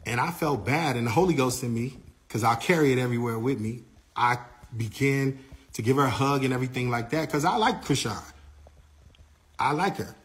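A man working as a tour manager, retelling events in a casual, animated way and quoting the people involved. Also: medium pitch, brisk. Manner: animated storytelling, quoting others.

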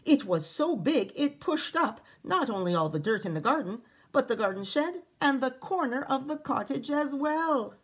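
A woman teacher reading a picture book aloud to children, expressive, with chatty asides to her listeners. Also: sits high, normal speed, few pauses, breathy edge.

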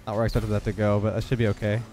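Fast-talking stuffed-up gamer man. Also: lowish voice, monotone, mellow, faint music behind. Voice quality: nasal. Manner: quick, focused play-by-play. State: stuffed-up, nasal from illness. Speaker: gaming YouTuber. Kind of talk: live gameplay commentary.

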